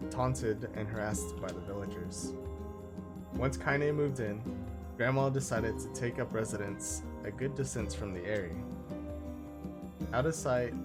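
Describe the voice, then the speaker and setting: A male streamer reading game story text aloud, stumbling over words and laughing at his own slips. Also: mid-range voice. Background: game music.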